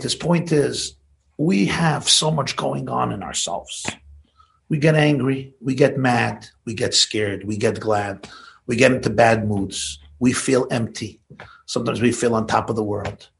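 A man giving a sermon, building to emphatic peaks and dropping to soft asides. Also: medium pitch, measured pace, vocal fry, slight background noise.

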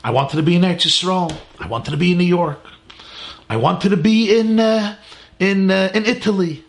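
A man's voice: high voice, moderate pace. A man, a rabbi, telling a story in a sermon with emphatic repeated lists.

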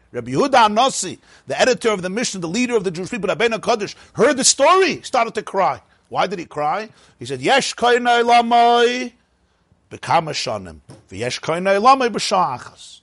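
A man with a somewhat high, husky voice teaches a Talmud class. His pitch swings widely as he tells the story, breaking into laughing asides and mixing Hebrew and Yiddish terms into his English. The sound is dry and close. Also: a bit bright, dry recording. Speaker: Torah teacher.

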